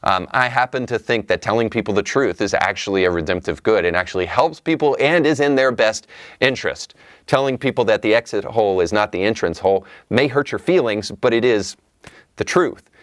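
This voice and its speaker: A man's voice: lowish voice, fairly quick, dry recording, studio quality. A man hosting an opinion show, delivering a commentary monologue in an emphatic, sarcastic manner. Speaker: show host.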